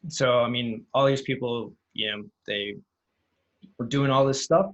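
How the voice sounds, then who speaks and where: A man speaking as an interview guest, calm and matter-of-fact as he tells his story. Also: medium pitch, measured pace, muffled recording. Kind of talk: casual interview chat.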